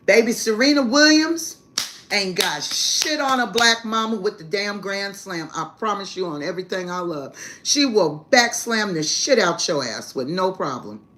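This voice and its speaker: A woman's voice: mid-range voice, expressive, a little slow, a bit bright, slight background noise. A woman hosting a live stream, telling a family story in casual, brash and profane language, laughing heartily and calling her listeners "baby".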